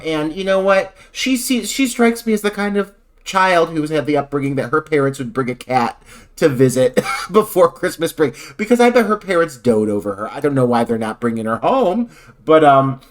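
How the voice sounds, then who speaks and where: A man's voice: a little high, moderate pace. A man co-hosting a podcast, talking about a film with crude jokes and casual swearing. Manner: crude, joking and animated. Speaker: podcast co-host.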